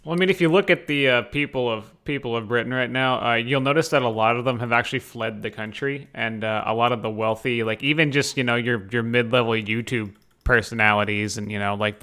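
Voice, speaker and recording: A man on a casual podcast throwing in wry, sarcastic remarks. His voice is bright and forward, smooth and clean in tone. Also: medium pitch, steady tone, a little fast. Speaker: podcast co-host. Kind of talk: casual chat.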